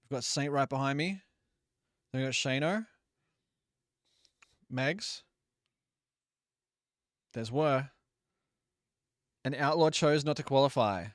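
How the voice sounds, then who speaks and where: A young man talking through a live racing game stream in a loose, chatty way, swearing freely and apologizing often. His mid-pitched voice sounds smooth and clean. The sound is close and dry, with no room around it. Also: slow, pauses often, dry recording. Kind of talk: casual live gameplay commentary.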